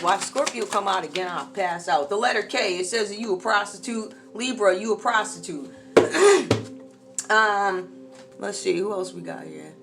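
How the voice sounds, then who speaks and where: Woman tarot reader, casual and animated, slangy asides, soft music bed underneath. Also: mid-range voice. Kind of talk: casual tarot reading monologue.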